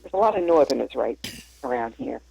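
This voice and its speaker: Gravelly, husky man on dull radio audio. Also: mid-range voice, brisk. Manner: animated, laughing, acts out quotes. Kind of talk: casual storytelling chat.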